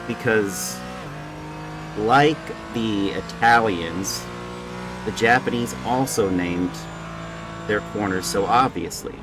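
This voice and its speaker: A man's voice: lowish voice, slow, background noise. A young man giving casual, joking live commentary on a sim race and stumbling over drivers' names.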